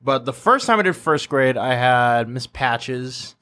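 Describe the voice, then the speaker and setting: A man's voice: mid-range voice, expressive, measured pace, bright, forceful tone. A young man co-hosting a podcast, reminiscing in loose, rambling casual chat. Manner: rambling, many fillers. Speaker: podcast co-host.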